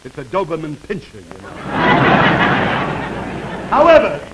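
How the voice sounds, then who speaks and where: A man's voice: on the high side, wildly swooping pitch, measured pace. Rambling comic man in a noisy old broadcast. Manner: rambling, self-interrupting, laughing at his own story. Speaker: comedian doing a sponsored pitch. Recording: noisy vintage 1940s broadcast recording.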